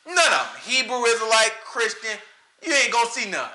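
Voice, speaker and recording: A man preaching a casual, conversational sermon, animated and talking straight to his listeners. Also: very high voice, normal speed, slight background noise. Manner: animated, talks straight to listeners, often asks "you know what I'm saying?". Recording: roomy echo.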